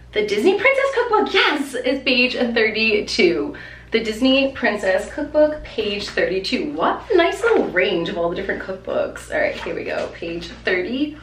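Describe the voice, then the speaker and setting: A woman's voice: medium pitch, slight background noise. A young woman vlogger chatting at home, bubbly and gushing, full of "like". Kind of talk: casual chat. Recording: echoey room, mic far off.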